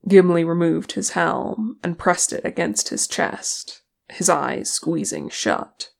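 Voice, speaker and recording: A reader tells a fan fiction story at an unhurried pace. The voice has a gravelly texture, and the storytelling is steady and even. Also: medium pitch. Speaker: audiobook reader. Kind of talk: fan fiction audiobook narration.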